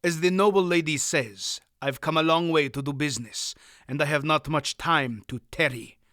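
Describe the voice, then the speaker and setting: A man's voice: a little high, moderate pace, sharp tone, no room sound, studio quality. A man reading as a cold, curt, scarred foreign male merchant with a heavy accent.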